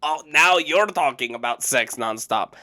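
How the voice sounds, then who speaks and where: A man's voice: mid-range voice, expressive, unhurried, sharp tone. A man voicing a whiny, exasperated husband in an improvised comedy role-play.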